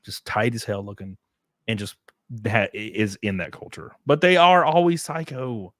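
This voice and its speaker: A man's voice: lowish voice, normal speed, a bit bright, no echo, studio quality. A man in his thirties streaming a casual chat, crude and joking, laughing often and throwing in silly voices. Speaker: streamer host.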